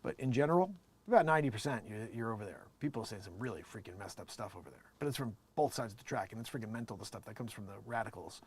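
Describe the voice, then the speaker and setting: A man hosting his own video show, talking in a rambling, animated way, laughing often and acting out what other people say. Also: on the low side, rapid-fire, slightly rough. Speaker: video host. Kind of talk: casual political commentary.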